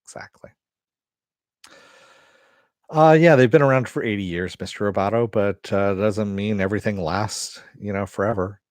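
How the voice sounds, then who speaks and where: A middle-aged man hosts a casual live stream, rambling, swearing and often restarting as he answers viewers. His pitch is fairly low, his pace moderate, with long pauses. Clean studio sound, no echo.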